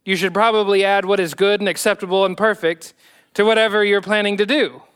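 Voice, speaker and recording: A man's voice: sits high, fairly even intonation, fairly quick, a bit bright, clear, resonant tone, pitched above the performer's own voice. A man voicing an earnest ancient male apostle who declaims scripture.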